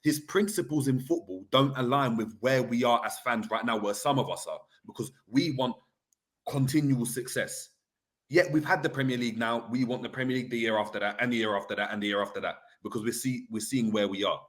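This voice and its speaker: Measured man explaining football. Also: mid-range voice. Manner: measured, explanatory, builds an argument. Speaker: football fan pundit. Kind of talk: heated fan debate.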